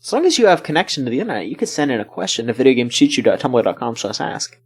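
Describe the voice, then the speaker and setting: Rambling, relaxed podcast co-host man. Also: mid-range voice, racing, slightly rough. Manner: relaxed, rambling, laughs often. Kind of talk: casual chat.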